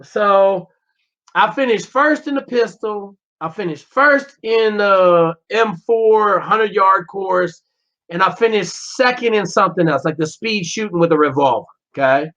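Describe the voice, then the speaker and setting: His voice sits high, a touch bright and unhurried, as the former Navy SEAL recounts a story for a podcast interview. He's blunt and swears, performing the dialogue himself, in relaxed lo-fi audio that sounds slightly dull.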